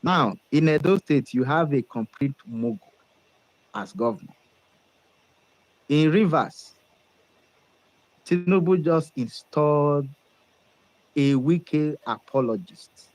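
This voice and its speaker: A man's voice: fairly high pitch, slow pace, pauses often, no echo, low-quality recording. Confident Nigerian man, political commentator. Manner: emphatic, confident predictions.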